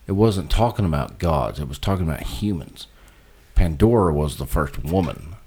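A very deep-voiced man co-hosting a podcast, his pitch swinging widely as he talks. He is blunt and sweary and teases his co-host. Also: animated, moderate pace, a little mellow, husky. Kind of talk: casual chat.

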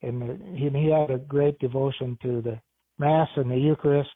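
A man, a deacon, recalling memories of someone he knew in a halting, restarting way. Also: mid-range voice, no room sound. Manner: halting, many restarts and fillers. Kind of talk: interview recollection. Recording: tinny phone-like sound with faint music.

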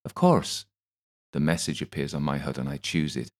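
Brief: male first-person audiobook narrator, extremely low voice, steady and reflective. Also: fast talker.

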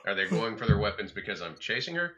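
A man playing a tabletop game, asking questions and planning his character's moves out loud. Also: fairly low pitch, big pitch swings, fast. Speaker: player. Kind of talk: casual chat at a game table.

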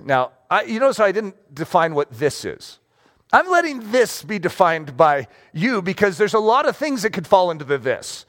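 Male pastor, sermon; high voice that swings widely, casual and animated, keeps asking "okay?". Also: normal speed. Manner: animated, conversational, checks in with "okay?".

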